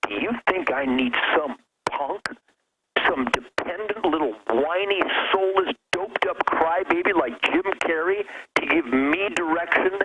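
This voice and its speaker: A man's voice: a little high, sing-song, moderate pace, highs cut off. A man calling in as a radio show guest, delivering a fiery, preachy rant that builds into outbursts. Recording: noisy radio line.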